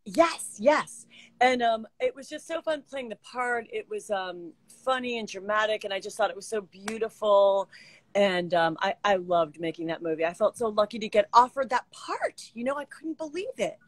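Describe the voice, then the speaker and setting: A woman chatting as a guest over a video call, gushing and quick to laugh. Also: medium pitch, lively intonation, dry recording. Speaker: guest actress.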